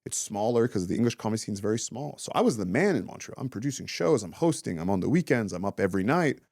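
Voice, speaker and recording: A man in his thirties talks quickly, his pitch leaping up and down as he tells stories. He acts out what people said to him and swears casually. The sound is dry and close. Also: gravelly, no echo. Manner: animated storytelling, acts out quotes, swears often. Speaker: guest, former fighter turned comedian. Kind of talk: casual interview chat.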